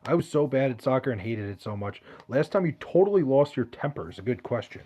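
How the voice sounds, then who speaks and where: A man's voice: medium pitch, lively intonation, fast, warm tone. A young man, chatting casually and profanely, rambling and restarting his sentences as he reads live chat. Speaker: podcast host reading live chat.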